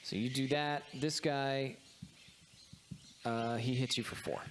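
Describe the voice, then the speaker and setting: A man's voice: medium pitch, steady tone, takes it slowly. A man running a tabletop game as game master, calling rules and laughing often. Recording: noisy background hiss.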